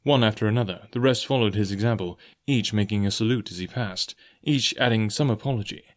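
A man's voice: on the low side, fairly quick. Man narrating an audiobook. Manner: even, plain storytelling; casual, friendly outro. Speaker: audiobook podcast host and narrator.

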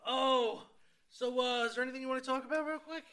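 A man hosts a casual podcast chat in a bright, fairly high voice. He talks loosely, swears often and laughs easily. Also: clear, resonant tone. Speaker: podcast host.

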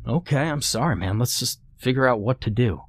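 A man's voice: mid-range voice, lively intonation, brisk, no echo, studio quality, pitched above the performer's own voice, lightly acted. A man voicing a frightened, irritable burly young man who keeps pleading and complaining as they explore. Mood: irate, squeamish.

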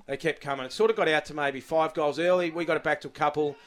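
Fast-talking Australian football coach. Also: male voice, fairly high pitch. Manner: quick-talking, proud and energetic. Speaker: junior football coach, radio guest. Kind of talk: casual radio interview.

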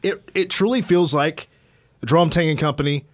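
A man's voice: on the high side, normal speed, no echo. A man on sports talk radio, breaking down a college basketball recruit in a detailed, stat-heavy, conversational way.

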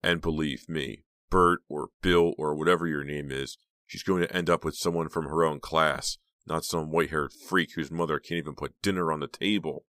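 A man's voice: very deep voice, steady tone, moderate pace, few pauses, fairly bright tone, no room sound, clean studio sound. A man voicing a rude, pompous uncle who lectures in a condescending way.

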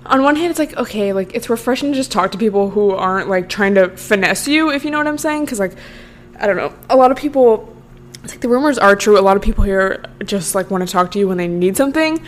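A woman's voice: medium pitch, lively intonation, quick pace, a little hiss or hum. A young woman in her twenties hosting a podcast, rambling through a casual story with lots of filler words. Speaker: podcast host. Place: Los Angeles.

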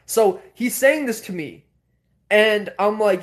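A man hosting a livestream, telling a story casually in a rambling, animated way with many filler words. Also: high voice, normal speed. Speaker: host.

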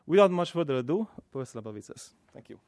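A man's voice: a little high, big pitch swings, fast talker, darkish tone. A man moderating an academic event, introducing the guest speaker with many hesitant fillers. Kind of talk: formal introduction.

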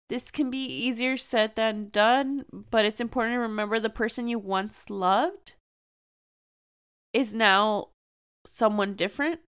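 A woman's voice: mid-range voice, creaky, smooth, no room sound. A young woman hosting a podcast, speaking earnestly and emotionally in a personal monologue, at times close to tears. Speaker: podcast host.

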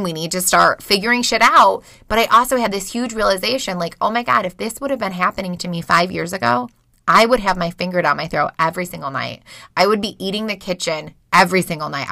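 Candid, bright-voiced woman in her thirties. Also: on the low side, no echo, studio quality. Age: 30s. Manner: frank, emotional, swears freely. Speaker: podcast host. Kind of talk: candid personal monologue. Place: small closet at home.

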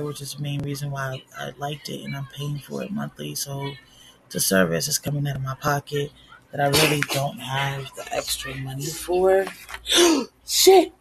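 Woman, podcast host, candid rambling delivery, gravelly edge, faint background hiss. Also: low voice, poor audio. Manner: rambling, candid, self-deprecating. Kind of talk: casual solo podcast chat. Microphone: home recording setup.

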